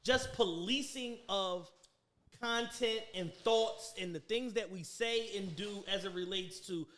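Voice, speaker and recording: A man's voice: high-pitched, measured pace, fairly bright tone, reverberant. A man co-hosting a podcast, chatting in a blunt, profane, jokey way. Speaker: podcast co-host. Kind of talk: casual chat.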